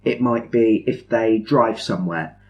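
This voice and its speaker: A man chats on a podcast in a lowish voice. He explains things with eager enthusiasm, rambles, and keeps adding self-mocking asides. His casual talk sounds like a conversation among friends. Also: unhurried. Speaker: podcast host.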